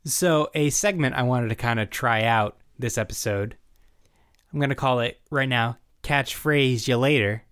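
A man hosts a casual comedy podcast, steering the talk with playful prompts. His voice is mid-pitched and recorded close and dry, with no room sound. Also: a little slow, fairly bright tone, clean tone, no echo. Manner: playful, leads the segments. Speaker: podcast host.

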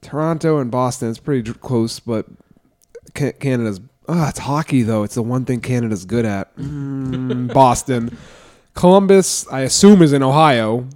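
A man's voice: mid-range voice, moderate pace, darkish tone. A man co-hosting a sports podcast, bantering and joking as if clueless about hockey. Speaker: podcast co-host. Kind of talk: casual banter.

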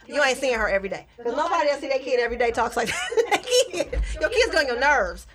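A woman comedian in casual chat, telling animated stories and acting out the people in them. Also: high-pitched, fast, hardly any pauses, a crowd in the background. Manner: animated storytelling, acts out quoted voices.

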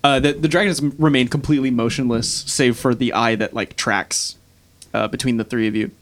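A man's voice: medium pitch, fairly even intonation, fairly quick. Man narrating a tabletop game. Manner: loose narration full of uh and like. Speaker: game master.

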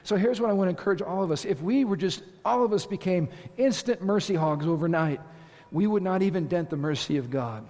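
High-voiced preaching man in a reverberant hall. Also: animated, fairly quick, mellow. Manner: emphatic preaching with repeated phrases and rising exclamations. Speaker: pastor. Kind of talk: sermon.

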